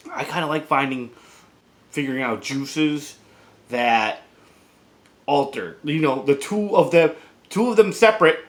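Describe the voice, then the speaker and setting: A man talking loosely into the camera for his review vlog, rambling and swearing in a relaxed, offhand way. His voice sits at an ordinary pitch, and he often lets it sink into quiet asides. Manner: rambling, relaxed, swears casually, drops to a mutter. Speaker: vlogger reviewing beer and vape juice.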